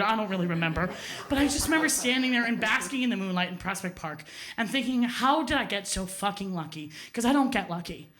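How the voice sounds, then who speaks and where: A woman telling a funny personal story live to a theater audience, animated, swearing freely and laughing at herself. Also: fairly high pitch. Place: theater stage.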